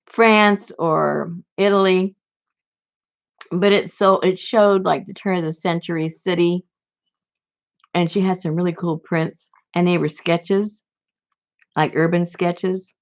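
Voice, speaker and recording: Chatty woman with a gravelly low voice. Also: a little slow, pauses often. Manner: rambling, chatty, with many fillers and restarts. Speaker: crafting channel host. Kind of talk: casual crafting chat to viewers. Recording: dull lo-fi sound.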